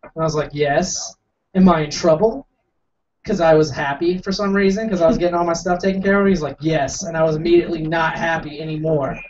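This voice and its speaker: A man's voice: on the high side, quick pace, a little hiss or hum. A young man doing stand-up storytelling in a small coffee house, rambling and self-mocking, acting out the quotes. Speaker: stand-up comic. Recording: distant, dull lo-fi room recording.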